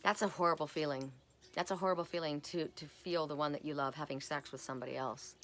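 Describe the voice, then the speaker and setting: A woman's voice: low voice, fairly even intonation, fast talker, fairly bright tone, a little hiss or hum. A woman giving a casual spiritual oracle card reading, chatty and rambling with personal asides, often tagging her points with "right?".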